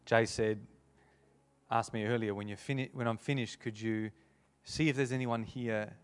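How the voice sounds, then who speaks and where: Low-voiced man preaching an altar call. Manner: earnest, repeats key phrases, slows for scripture.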